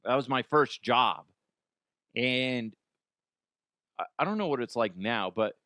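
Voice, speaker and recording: A man's voice: mid-range voice, a bit bright, dry recording, clean studio sound. A man hosting a comedy podcast, telling stories in a loose, profane way with stammered restarts. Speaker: podcast host. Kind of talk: comic storytelling.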